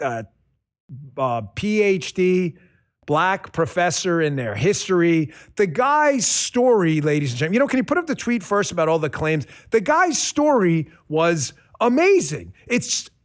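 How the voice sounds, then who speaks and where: A man hosting a political commentary show, talking in an animated, sarcastic monologue. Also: sits high. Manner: animated, sarcastic, mocking impressions. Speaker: host.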